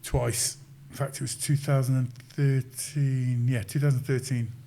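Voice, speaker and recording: A man guest on a podcast, telling stories in an animated, casual way and acting out quoted voices. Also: medium pitch, a little slow, gravelly. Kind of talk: casual storytelling.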